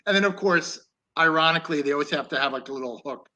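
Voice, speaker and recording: Guy cohosting a chat show, bright forceful voice, rambly and talky. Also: on the high side, fast talker, low-quality recording. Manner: rambling, with many restarts and laughs. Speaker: co-host. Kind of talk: casual film discussion.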